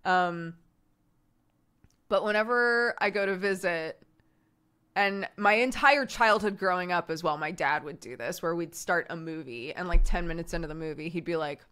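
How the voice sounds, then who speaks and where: A woman streamer telling family stories in casual chat, animated and laughing often. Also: on the low side, normal speed, clean tone.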